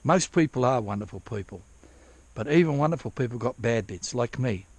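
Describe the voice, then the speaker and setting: A man with a gravelly, husky voice talks outdoors at a dig site in light rain. He rambles in loose, profane asides, breaking off and restarting his sentences as he goes. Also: medium pitch, expressive, fairly quick, dry recording. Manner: rambling, profane, self-interrupting. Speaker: vlogger prospecting for gold. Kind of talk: casual rambling vlog.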